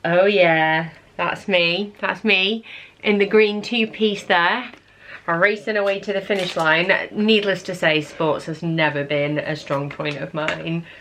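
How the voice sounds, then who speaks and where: A woman's voice: lowish voice, steady tone, slow, fairly bright tone, a little hiss or hum. A young adult woman vlogging casually to camera, chatty and nostalgic, full of "like" and "oh my gosh".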